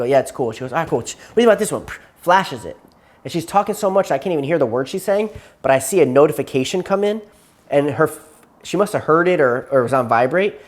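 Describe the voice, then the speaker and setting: Rambling, worn-out young man telling a story. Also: fairly high pitch. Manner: rambling, repeats himself, acts out quotes. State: burnt out and tired. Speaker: client in therapy session. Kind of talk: casual storytelling in therapy.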